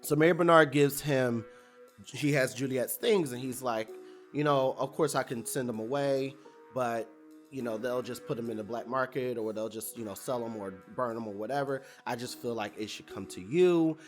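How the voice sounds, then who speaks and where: A TV recap reviewer runs through an episode in a relaxed, chatty way, filling his retelling with fillers and acting out the characters' lines. His voice sits at medium pitch and moves at a moderate pace over soft background music.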